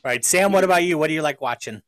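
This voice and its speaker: A man hosting a casual chat, enthusiastic and halting, with many fillers and restarts. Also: on the high side, fairly bright tone, poor audio. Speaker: show host.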